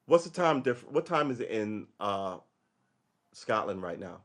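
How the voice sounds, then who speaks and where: Speaking in a lowish, somewhat bright voice, this podcast host is very animated yet unhurried. His casual live-stream rant is wry and meandering, full of tangents and asides to the audience.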